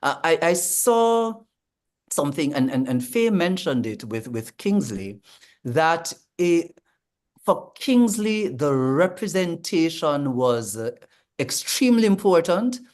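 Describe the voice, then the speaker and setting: A man, a language coach explaining in a panel discussion, measured and full of ums and restarts. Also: a little high, very animated, a little mellow.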